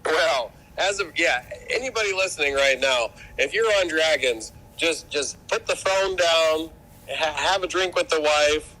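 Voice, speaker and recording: A man's voice: fairly high pitch, a little slow, sharp tone, poor audio. A man streaming a mobile strategy game, rambling and joking with his teammates in casual voice chat, often restarting his sentences. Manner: rambling and jokey, with many restarts. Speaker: streamer and alliance player.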